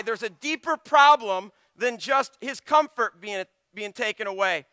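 High, bright-voiced preacher with dramatic swings. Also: male voice, animated, measured pace, clean tone, no echo, clean studio sound. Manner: dramatic swings from loud pleading to hushed asides. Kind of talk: sermon.

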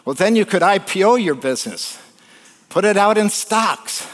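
Eager young business hotshot, pushy and upbeat, put on by a preacher, higher than his usual voice, reverb of a big hall. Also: animated. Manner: brisk, persuasive, upbeat pitching. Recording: long church hall reverb.

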